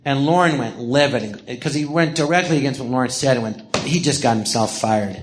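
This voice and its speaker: With background noise audible, an older man speaks briskly in a mid-range voice. He's hosting a live podcast in a theatre, telling meandering memoir anecdotes full of restarts and performed quotes for the audience.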